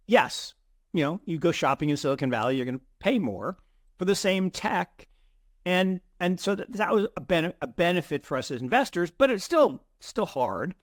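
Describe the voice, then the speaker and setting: Animated man, lively and high-pitched. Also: moderate pace, no room sound, clean studio sound. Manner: animated, many restarts and repeated words. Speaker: co-host of a crypto investing show. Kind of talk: casual conversational commentary.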